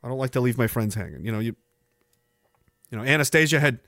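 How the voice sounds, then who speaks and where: A man hosting a livestreamed podcast, ranting casually with sarcasm, heavy swearing and bursts of loud laughter. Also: mid-range voice, lively intonation, quick pace, no room sound, studio quality. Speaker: podcast host.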